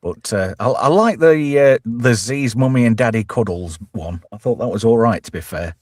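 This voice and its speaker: Lively blunt East Midlands male host. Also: medium pitch, moderate pace, dry recording, clean studio sound. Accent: East Midlands English. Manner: swearing, blunt, rambling and jokey. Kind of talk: casual live chat show banter.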